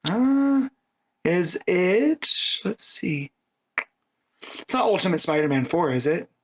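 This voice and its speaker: High-voiced, rambling, enthusiastic man. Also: sing-song, takes it slowly, breathy edge. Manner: rambling and enthusiastic, prone to tangents. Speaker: podcast co-host. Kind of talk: casual chat. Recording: slightly dull lo-fi audio.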